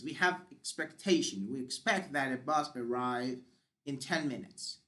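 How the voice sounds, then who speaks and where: A man's voice: mid-range voice, measured pace, bright, forceful tone. A man teaching English grammar, explaining step by step with examples and the odd "uh".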